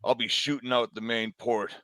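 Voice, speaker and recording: A man playing a gruff soldier in a tabletop role-play, talking in a casual, bantering way. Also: medium pitch, little pitch movement, normal speed, pushed and bright, dry recording. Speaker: player.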